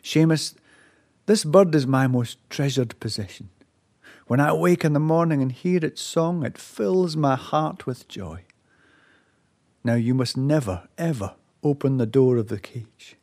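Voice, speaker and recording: A man's voice: mid-range voice, unhurried, darkish tone, lightly acted. A man voicing an anxious young mother who speaks tenderly and then scolds sharply.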